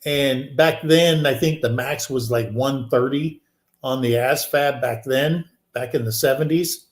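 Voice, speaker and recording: A man's voice: mid-range voice, measured pace. A man in his sixties, co-hosting a show, telling a rambling story and acting out the people in it with a raised voice. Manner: animated, acts out quoted people in a raised voice; rambling with many fillers and restarts. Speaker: podcast co-host. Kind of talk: casual storytelling. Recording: echoey room.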